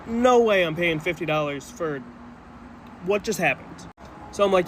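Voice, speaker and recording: A man with a rather high voice recounts his own experience as casual first-person storytelling. He sounds earnest and still shaken, and he speaks in a quick retelling manner. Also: fairly even intonation, a bit bright, a little hiss or hum. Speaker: storyteller in a social media clip.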